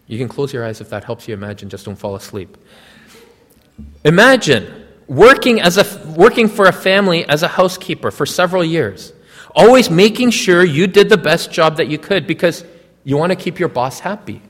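High-voiced man preaching in a reverberant hall. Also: a bit bright. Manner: storytelling, addresses listeners directly. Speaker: pastor. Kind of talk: sermon.

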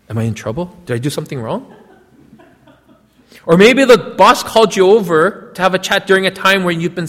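High-voiced man preaching in a reverberant hall. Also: a bit bright. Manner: storytelling, addresses listeners directly. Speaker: pastor. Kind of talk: sermon.

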